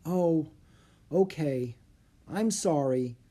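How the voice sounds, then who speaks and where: A reader voicing a bold, eager young girl in a storybook, with a bright, chirpy and pleading delivery. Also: medium pitch, expressive, drawn-out words, voice pushed up. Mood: meek. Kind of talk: audiobook character voice.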